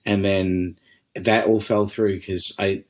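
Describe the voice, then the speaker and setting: A man from New Zealand with a New Zealand accent, an interview guest telling stories in a relaxed, laughing, rambling way. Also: low voice, slow. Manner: lively, laughing, rambling with restarts and swearing. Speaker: interview guest, distillery managing director. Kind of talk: casual storytelling conversation.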